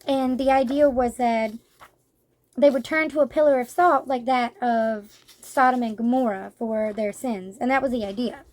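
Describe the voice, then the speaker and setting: A woman with a bright, high voice talks through a manga review. She retells the plot loosely, in a rambling, conversational way. Her speech is full of casual fillers and asides. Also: steady tone, normal speed.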